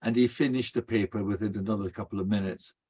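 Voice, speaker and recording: A man's voice: fairly low pitch, steady tone, fast talker, darkish tone, breathy edge. A man, a rabbi, delivering a sermon full of stories, a folksy storyteller who weaves in Hebrew and Yiddish terms. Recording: dull, muffled lo-fi recording.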